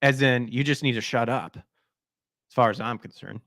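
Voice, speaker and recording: A man's voice: mid-range voice, steady tone, moderate pace, a bit bright, no echo, studio quality. A man hosting a gaming podcast, ranting sarcastically about news articles in a mocking, crude way. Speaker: podcast host.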